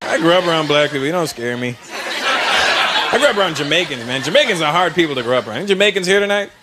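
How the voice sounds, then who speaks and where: Brash stand-up comic teasing a crowd. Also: male voice, on the high side, animated, racing, in a large hall. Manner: brash, teasing, swears freely. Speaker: stand-up comedian. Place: live comedy venue with audience. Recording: live show with loud crowd and room noise.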